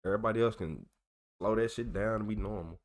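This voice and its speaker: A man's voice: on the low side, fast talker. A man hosting a channel, reading old documents aloud in a casual way, tripping over long words and breaking off for joking slang asides. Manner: stumbles over long words and corrects himself. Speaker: channel host.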